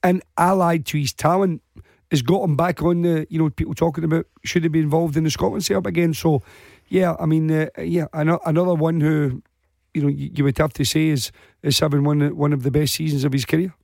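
A hoarse man with a Glaswegian accent, talking football as a pundit on a radio phone-in. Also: fairly high pitch, level tone, brisk, a little mellow, no echo, clean studio sound. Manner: chatty, rambling, many fillers.

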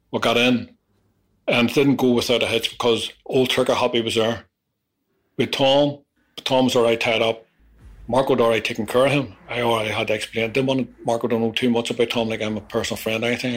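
A man's voice: mid-range voice, fairly even intonation, fairly quick, fairly bright tone. A man recounting his past in a rambling, profane confessional storytelling style. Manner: rambling, profane, peppered with "you know". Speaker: interviewee.

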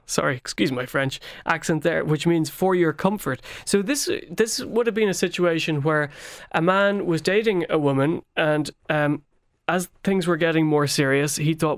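A man's voice: on the high side, moderate pace, hardly any pauses, clear, resonant tone, no echo. A man who is a regular history expert on a talk show, explaining things conversationally with playful, dry irony.

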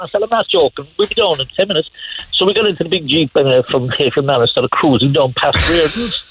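A man's voice: fairly high pitch, fast, a bit bright, low-quality recording. A man calling in to a radio show, rambling through anecdotes with lots of restarts and chuckles. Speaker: caller. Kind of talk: casual anecdotes on a radio phone-in.

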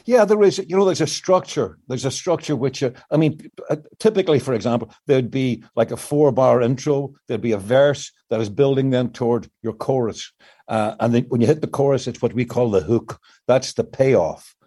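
A man's voice: mid-range voice, moderate pace, dark tone, slightly rough. An older male songwriter explaining his craft at length in an interview, with many restarts. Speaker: songwriter guest. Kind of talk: reflective interview answers.

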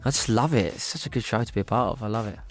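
Cheery guy on a radio show, kinda low voice, laughs a lot, repeats himself. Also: rapid-fire. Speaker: radio guest. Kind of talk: casual radio chat.

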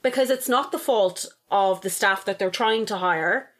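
A young Irish woman co-hosts a chatty podcast, ranting and swearing with lively energy. Her voice sits at an ordinary middle pitch, and she breaks into laughter often. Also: normal speed. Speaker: podcast co-host. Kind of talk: casual chat.

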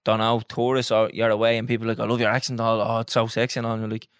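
A man's voice: lowish voice, monotone, racing, clean tone, dry recording, clean studio sound. A young man with an Irish accent, co-hosting a podcast in casual, teasing banter and laughing often. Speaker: podcast co-host.

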